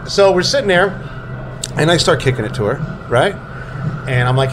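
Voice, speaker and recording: A man telling a story in casual chat, animated and acting out the people he quotes. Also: fairly high pitch, moderate pace, background noise. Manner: animated, acts out quoted voices.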